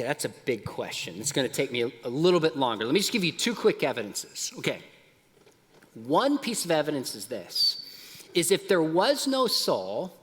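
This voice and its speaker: A middle-aged man giving a lively talk at a youth conference, dropping soft and low at emotional points. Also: long reverb tail. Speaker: conference speaker. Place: large conference hall.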